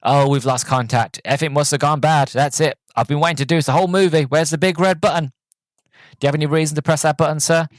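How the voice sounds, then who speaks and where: A blustering army general, itching to launch everything, as a podcaster puts him on. He is pitched well above a normal speaking voice and comes out loud and pushy. The sound is dry and close. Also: fairly even intonation, quick pace, no room sound, natural voice. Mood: gleeful. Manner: blustering, impatient, eager to fire. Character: trigger-happy stereotypical male army general.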